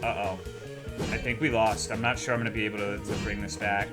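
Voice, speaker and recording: A man's voice: lowish voice, level tone, fast, loud music behind the voice. A man streaming a game, chatting casually and offhandedly with plenty of swearing. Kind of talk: casual gaming stream commentary.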